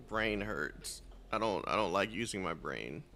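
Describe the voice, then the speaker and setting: Gravelly man rambling through game dialogue. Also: low-pitched, pushed and bright, a little hiss or hum. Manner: rambling, self-mocking, stumbles over names. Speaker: streamer playing a game. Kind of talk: casual gameplay commentary, reading dialogue aloud.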